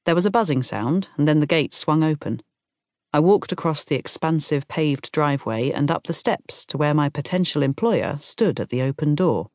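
A woman reading a first-person novel aloud in a calm, measured storytelling manner. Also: low voice, no echo, studio quality. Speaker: audiobook narrator. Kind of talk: scripted first-person narration.

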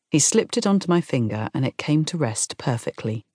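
A woman reading a first-person novel aloud in a calm, measured storytelling manner. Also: very deep voice, husky, no room sound, studio quality. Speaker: audiobook narrator. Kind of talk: scripted first-person narration.

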